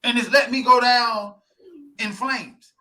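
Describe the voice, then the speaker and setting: A man's voice: extremely high pitch, slow. A man co-hosting a casual podcast chat, talking bluntly with plenty of swearing and acting out quotes in other voices. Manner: animated, blunt, swears freely, acts out quotes. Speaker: podcast co-host.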